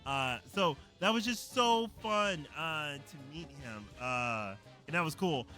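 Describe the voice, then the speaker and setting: A male live streamer talks in a loose, rambling way, full of fillers and excitement. His voice sits a little high and rings very bright. Faint music plays underneath. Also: takes it slowly. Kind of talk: casual live-stream chat.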